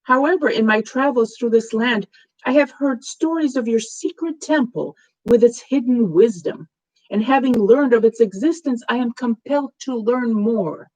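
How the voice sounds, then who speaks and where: A woman's voice: fairly high pitch, lively intonation, moderate pace, a little mellow, poor audio. A woman reading the part of an earnest young male traveler who speaks carefully with a stumbling foreign accent.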